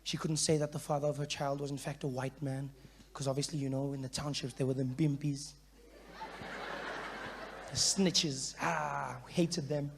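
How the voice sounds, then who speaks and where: A South African man in his thirties performing stand-up comedy, animated and full of character bits. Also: mid-range voice, moderate pace, vocal fry, long pauses, a little hiss or hum. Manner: animated, switches into character voices.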